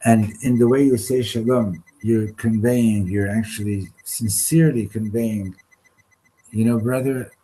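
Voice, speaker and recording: A man leading an informal Torah class, halting and restarting often, slipping Hebrew terms into his English. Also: on the low side, steady tone, mellow, breathy edge, poor audio. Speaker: Torah teacher. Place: study hall classroom.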